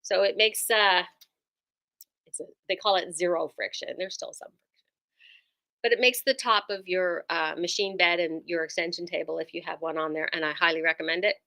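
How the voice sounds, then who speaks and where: A woman's voice: lowish voice, fairly even intonation, fairly quick, pushed and bright. A woman who runs a quilt shop, chatting enthusiastically through a casual product demo with lots of ums and likes.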